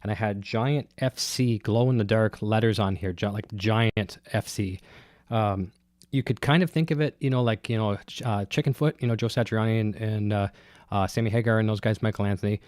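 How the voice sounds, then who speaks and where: Stuffy guy with a cold, lowish voice, dry close mic, rambly livestream chat full of ums. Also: steady tone, a little fast, darkish tone, no room sound. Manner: rambling, many fillers and restarts. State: congested with a cold, breathing heavily. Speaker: guitar gear livestream host. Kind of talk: casual live-stream chat, reading viewer comments. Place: home studio. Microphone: dynamic broadcast mic close up.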